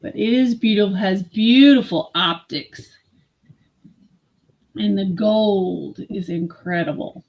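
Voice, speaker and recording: A woman hosting a live-stream vintage sale, slowly admiring and describing glassware. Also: medium pitch, a little mellow. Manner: slow, admiring product descriptions.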